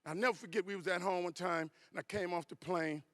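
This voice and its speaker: A man's voice: high voice, fairly even intonation, quick pace, a bit bright, no echo. A middle-aged man giving a commencement speech, telling stories in a preacherly way that builds to punchy climaxes. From New Orleans. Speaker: commencement keynote speaker.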